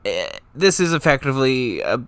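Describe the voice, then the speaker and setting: A man's voice: medium pitch, big pitch swings, normal speed, a bit bright, clean tone, no room sound. A young man narrating history in a casual, rambling, joking and profane way. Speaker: history vlogger.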